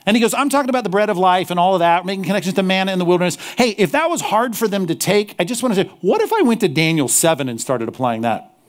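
A male pastor preaching a sermon, animated, slipping into mocking apologetic asides. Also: high voice, fast.

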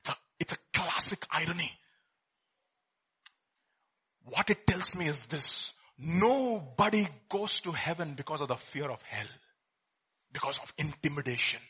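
A man preaching a sermon, telling a film story with swings from hushed to loud. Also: a little high, lively intonation, measured pace, pauses often, slightly rough. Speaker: pastor.

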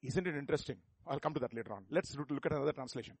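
A middle-aged pastor, preaching a sermon full of rhetorical questions that builds to emphatic peaks. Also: male voice, on the high side, animated, fast, few pauses, husky, no echo.

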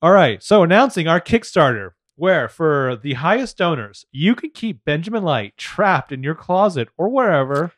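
Man, podcast co-host, joking and sarcastic, very lively pitch, fairly high, dry. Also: normal speed, few pauses, no echo. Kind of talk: casual TV recap chat.

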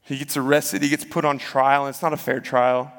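A man's voice: medium pitch, flat delivery, a little fast, fairly bright tone. A man preaching a sermon, retelling the story in a conversational way and acting out the quotes. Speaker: pastor. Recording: long hall reverb.

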